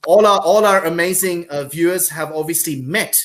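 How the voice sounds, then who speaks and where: A man's voice: a little high, normal speed, a bit bright. A man hosting a live-streamed panel over a video call, effusive and repeating his words and thanks as he welcomes guests. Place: Singapore.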